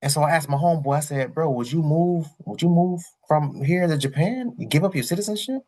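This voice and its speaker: A man's voice: on the high side, expressive, a little fast, dark tone. A man hosting a casual reaction commentary, rambling and candid, full of slang, repeating his points. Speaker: reaction channel host.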